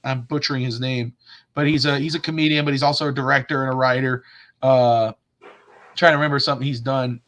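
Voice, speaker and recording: A man co-hosting a casual sports podcast, telling stories in an animated way and acting out quotes. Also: mid-range voice, fast talker. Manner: animated storyteller, acts out quotes, swears casually. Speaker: podcast co-host.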